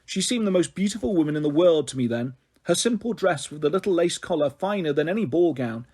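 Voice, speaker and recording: A man reading a children's novel aloud in an expressive storytelling manner. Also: on the high side, quick pace, slightly rough. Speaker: story reader.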